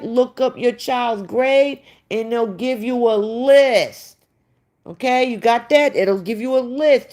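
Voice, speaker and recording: Blunt, slow-talking woman streamer. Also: fairly high pitch, darkish tone. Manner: blunt, scolding, sarcastic. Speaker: livestream host. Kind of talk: casual commentary reading chat.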